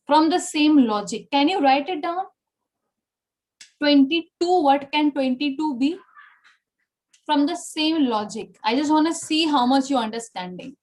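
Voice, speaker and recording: High-voiced Indian woman teaching Spanish. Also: darkish tone. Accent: Indian English. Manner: encouraging, repeats and praises often. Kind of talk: online language class.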